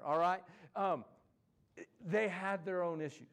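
Guy preaching, pretty high voice, acts out the quotes, folksy. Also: takes it slowly, clean tone. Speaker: pastor. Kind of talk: sermon.

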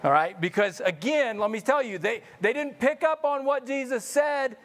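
A male pastor preaching a sermon in an animated, joking way, often repeating words when he gets excited. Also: very high-pitched, moderate pace.

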